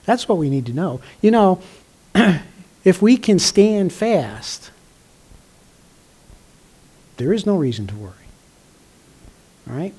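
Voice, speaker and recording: An older man, a pastor, delivering a conversational sermon with frequent throat clearing and fillers. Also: high voice, big pitch swings, slow, pauses often, dark tone.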